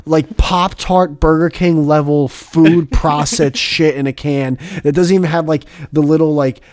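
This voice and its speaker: A man's voice: fairly high pitch, a little slow, no echo, clean studio sound. A man hosting a podcast in casual chat, ranting with lots of swearing and laughter. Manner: profane, animated ranting with frequent laughs. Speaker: podcast host.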